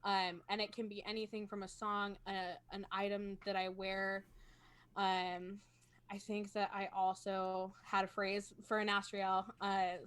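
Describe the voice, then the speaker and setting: A woman's voice: medium pitch, level tone, measured pace, a bit bright, smooth. A woman talking casually as a role-playing game player on a video call, chatty and self-conscious, laughing often. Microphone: home streaming microphone.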